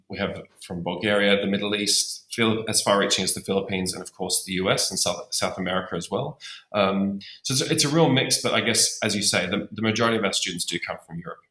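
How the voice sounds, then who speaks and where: A man, a musical theatre educator speaking in a measured way with many ums. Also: sits low, bright, forceful tone. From Australia. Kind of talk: casual interview talk. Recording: roomy echo.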